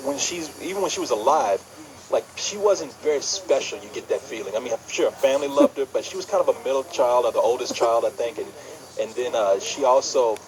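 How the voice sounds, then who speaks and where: A man co-hosting a casual film review chat, emphatic and quick to laugh, stammering when he gets going. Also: medium pitch, expressive, a little mellow, rough recording. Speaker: podcast co-host, film reviewer.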